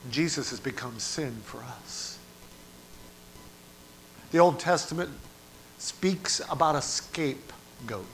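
A man preaching a sermon, moving from quiet, low passages to loud, dramatic cries. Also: lively intonation, slow pace, long pauses, slight background noise. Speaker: pastor.

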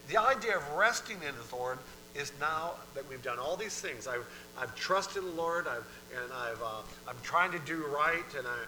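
A man preaching a sermon in a conversational style, moving between hushed and emphatic delivery and often repeating himself. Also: fairly high pitch, slight background noise, low-quality recording. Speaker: pastor.

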